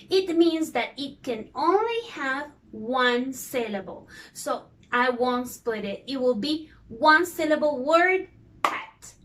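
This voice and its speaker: High voiced lady teacher going super slow, sounding out words for kids. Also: a bit bright, slight background noise. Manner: slow, patient, repeats words and spells out vowels. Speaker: English teacher. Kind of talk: recorded lesson for young learners.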